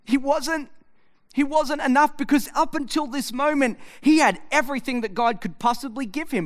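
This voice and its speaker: A man's voice: very high-pitched, moderate pace. A man, preaching a sermon and acting out conversations with his son. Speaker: pastor. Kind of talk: sermon with storytelling.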